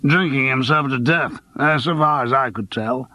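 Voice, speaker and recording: A man's voice: mid-range voice, measured pace, no echo. A man voicing a worldly, wry lawyer who is an old friend of the hero, in an audiobook. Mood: dry. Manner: wry, teasing, lively. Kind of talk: audiobook character voice.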